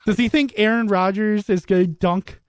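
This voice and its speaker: A man's voice: high-pitched, fairly even intonation, moderate pace, clean tone, dry recording. A young man hosting a radio sports show, teasing his co-hosts in casual banter. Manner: teasing, wry, lots of restarts. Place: radio studio.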